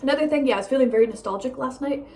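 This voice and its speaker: A young woman talks in a breezy, rambling way, dropping "like" and "um" constantly and laughing as she goes. Her voice sits a little high. A faint hum of home ambience sits behind her. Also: racing. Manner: rambling, lots of "like" and "um", laughs often; breezy, drifts between loud and soft. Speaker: vlogger. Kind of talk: casual chatty vlog monologue.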